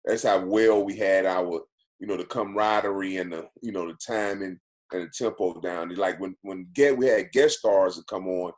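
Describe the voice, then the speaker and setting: Deep-voiced man telling lively stories. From Texas. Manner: animated, quick to laugh, repeats phrases for emphasis. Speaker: podcast guest, actor and former football player. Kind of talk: casual storytelling.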